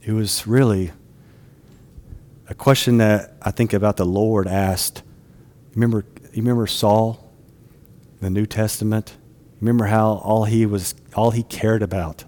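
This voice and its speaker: A man's voice: on the low side, steady tone, a little slow, mellow, long reverb tail. A man preaching a sermon in a conversational way, often asking his listeners rhetorical questions.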